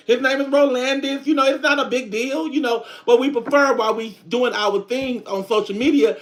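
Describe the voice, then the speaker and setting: A high-pitched man hosts a relaxed livestream from home, talking straight to his viewers. His chat is loose and laughing, recorded on a phone or webcam. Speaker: livestream host.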